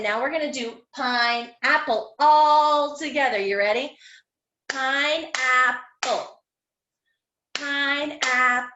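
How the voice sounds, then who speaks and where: Young woman teacher doing phonics with little kids, high voice, slow and sing-songy, kinda echoey room. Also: background noise. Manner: slow, sing-song, encouraging, sounds out letters. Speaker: kindergarten teacher. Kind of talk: online phonics lesson for young children. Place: home room.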